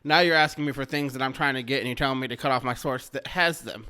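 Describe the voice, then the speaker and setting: A man casually telling a rambling personal story, swearing freely and mocking himself, and getting loud and excited as it builds. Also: mid-range voice, fast talker, clean tone.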